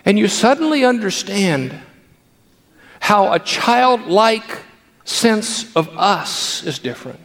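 A man's voice: sits high, very animated, slow pace, fairly bright tone, in a large hall. Older man preaching, storytelling playfully. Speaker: pastor. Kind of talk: sermon.

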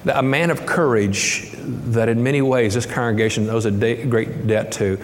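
A man's voice: medium pitch, normal speed, slight background noise. Earnest male pastor preaching in a hall. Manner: earnest, builds to impassioned raised delivery. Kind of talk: sermon. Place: church sanctuary. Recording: reverberant hall, faint ambience.

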